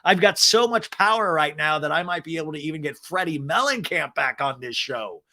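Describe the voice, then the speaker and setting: A man's voice: fairly high pitch, animated, bright, forceful tone, slight background noise. Man putting on a gloating, scheming woman. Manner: slow, gloating. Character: scheming, smug woman dropping her act.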